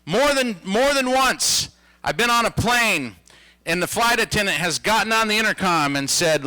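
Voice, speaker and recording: A man in his fifties doing stand-up, his voice higher than most and bright with an edge. He tells his stories playfully, swinging his pitch widely. The sound is close and dry. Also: normal speed, clear, resonant tone, dry recording, rough recording. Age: 50s. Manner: animated storytelling with a playful comic delivery. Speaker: stand-up comedian. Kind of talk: stand-up comedy routine.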